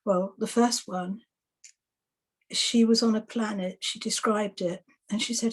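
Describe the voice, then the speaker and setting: A woman's voice: mid-range voice, a little slow. A woman who works as an exorcist and soul rescuer, casually telling anecdotes about her past client sessions. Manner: relaxed, chatty, recounting past client sessions.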